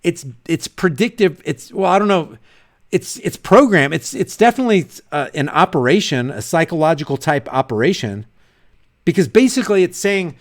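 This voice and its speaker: A man hosting his channel, ranting in a casual livestream, rambling and animated with frequent restarts. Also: a little high, moderate pace. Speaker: channel host.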